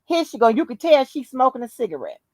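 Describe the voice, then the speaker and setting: A woman's voice: sits high, quick pace, dry recording, rough recording. A woman hosting a podcast, telling a story in casual chat with lots of cursing and emphasis. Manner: profane, emphatic, animated storyteller. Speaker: podcast host.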